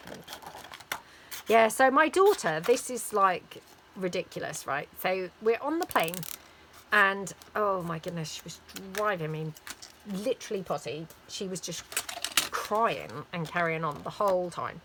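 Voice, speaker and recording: A woman's voice: mid-range voice, very animated, a little slow, background noise. A woman chatting casually while she crafts, rambling and full of fillers. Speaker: craft vlogger.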